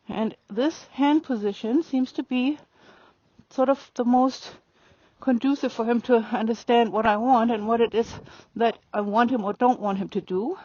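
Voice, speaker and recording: A woman riding a horse and calmly explaining her training as she goes, pausing to speak softly to the horse. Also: on the high side, no echo. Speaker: riding instructor. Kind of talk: narrating while riding. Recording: dry, dull lo-fi sound.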